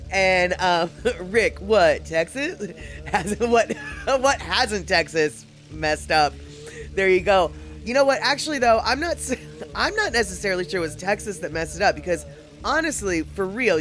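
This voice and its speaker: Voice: mid-range voice, fairly bright tone. A livestream host chatting casually and reading out viewers' comments, rambling along with lots of fillers and little laughs. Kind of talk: casual live-stream chat.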